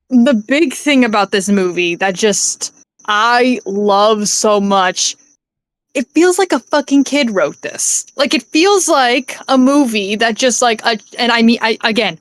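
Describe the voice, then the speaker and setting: Woman streamer, higher voice, rambling casual movie chat, dry close mic. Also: no echo. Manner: rambling, laughing, lots of fillers and swearing.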